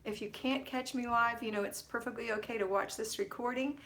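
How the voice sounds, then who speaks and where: A woman's voice: on the high side, steady tone, fairly quick, creaky, a little hiss or hum. Woman livestream host greeting viewers. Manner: warm, affectionate greetings to viewers by name. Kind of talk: casual live-stream chat.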